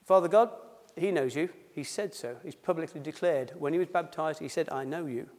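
A man's voice: a little high, fairly quick, darkish tone. A man preaching a sermon at a baptism service, a pastor who drops his H's and reads scripture before explaining it in plain, conversational words. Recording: long reverb in a church hall.

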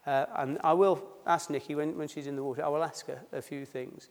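A man with a fairly high voice and fairly even intonation preaches fairly quickly at a baptism service. The pastor drops his H's and reads from scripture before explaining it plainly and conversationally, recorded with long reverb in a church hall.

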